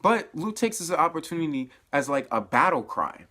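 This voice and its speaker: A man casually recapping a show episode in a spoiler review, animated and laughing, his voice dropping to low mutters and then jumping up in excited bursts. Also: normal speed. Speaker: TV review vlogger.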